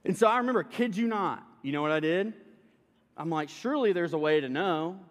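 Young preacher telling a story in a church hall. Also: male voice, on the high side, expressive, fairly quick. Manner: casual, humorous storytelling to a congregation. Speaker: pastor. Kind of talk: sermon with personal story. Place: church sanctuary. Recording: long reverb of a church hall.

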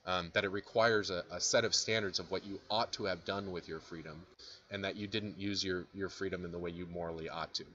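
A man's voice: low-pitched, fairly even intonation, brisk, a bit bright, muffled recording, a little hiss or hum. A young man, a philosophy lecturer, giving a casual recorded lecture, chatty and self-deprecating, acting out examples as he goes.

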